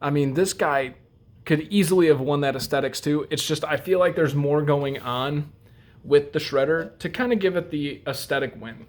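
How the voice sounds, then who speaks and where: A man's voice: fairly high pitch, normal speed. A young man hosting a casual knife review vlog, rambling with lots of fillers and joking at his own expense. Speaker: host.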